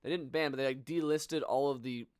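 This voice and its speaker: A man's voice: mid-range voice, fairly even intonation, a little fast, darkish tone, smooth, no echo, clean studio sound. A man co-hosting a casual gaming podcast, teasing the others and filling his talk with "like". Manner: teasing, many fillers like "like". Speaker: podcast co-host.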